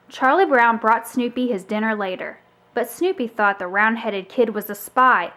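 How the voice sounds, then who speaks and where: A woman reading a children's book aloud as a storyteller, with expressive, animated delivery. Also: fairly high pitch, a little slow.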